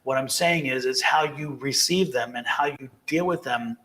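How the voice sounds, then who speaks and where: A man's voice: mid-range voice, moderate pace, sharp tone. A man giving live-streamed tarot readings, emphatic and encouraging, repeating key phrases to viewers. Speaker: tarot reader.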